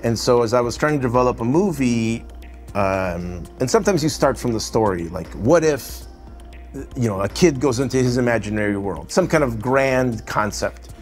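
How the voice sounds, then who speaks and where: A man's voice: medium pitch, animated, moderate pace, soft background music. A middle-aged man with a Russian accent, an animation director chatting casually in an interview, loose and rambling with lots of "you know" and "right?". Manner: rambling, filler-heavy, often adds "you know" and "right?".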